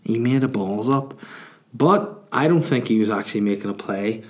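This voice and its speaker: A young man hosts a casual solo podcast, rambling, chatting, swearing freely and laughing easily. His voice sits on the low side and he speaks at a moderate pace.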